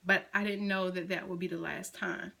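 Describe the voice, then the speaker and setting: A middle-aged mother slowly recounting a painful personal story, at times softly quoting her son. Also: on the low side, flat delivery, vocal fry, low-quality recording. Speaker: grieving mother. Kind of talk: personal testimony.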